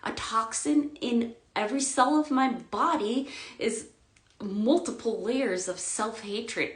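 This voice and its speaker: A woman giving an emotional spiritual monologue, swinging between loud outbursts and quiet murmurs, near tears. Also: a little high, slow pace, echoey room. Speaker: spiritual vlogger.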